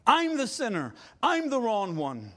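A man's voice: extremely high pitch, wildly swooping pitch, moderate pace, pitched above the performer's own voice, heavily acted. A preacher acting out a begging penitent man. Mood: pleading. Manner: pleading, raised and strained.

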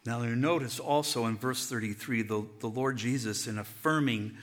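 A man's voice: medium pitch, moderate pace. A man preaching a sermon, who sometimes drops to a whisper and chuckles between points. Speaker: pastor.

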